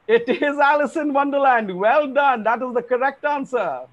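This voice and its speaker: A man's voice: extremely high pitch, normal speed, highs cut off. A man hosting an online family quiz over a video call, formal and polite, calling players sir. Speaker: quizmaster.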